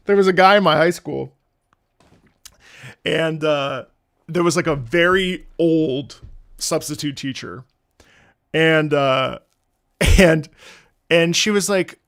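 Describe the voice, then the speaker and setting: A man's voice: on the high side, takes it slowly, long pauses, dry recording, studio quality. A young man telling stories to his chat on a livestream, laughing often and acting out the people he quotes. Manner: animated, laughs often, acts out quoted voices. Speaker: streamer reacting to game music. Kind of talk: casual storytelling on a livestream.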